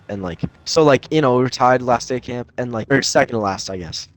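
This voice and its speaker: A man's voice: medium pitch, brisk, few pauses. A young adult man telling a campfire story in a rambling, profane, slangy way full of restarts. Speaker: podcast storyteller.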